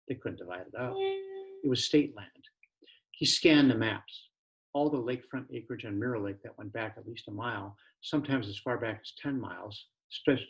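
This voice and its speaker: A man reading his own novel aloud with a gravelly, creaky voice at a middling pitch. The recording sounds dull and lo-fi. His narration stays plain and steady. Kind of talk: audiobook narration.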